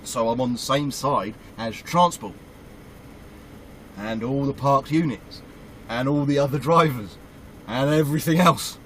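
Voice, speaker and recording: A British man, a truck driver, telling a story about his work in a casual, animated way and acting out his own reactions. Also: mid-range voice, a little slow, long pauses, slight background noise, rough recording. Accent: British English. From United Kingdom.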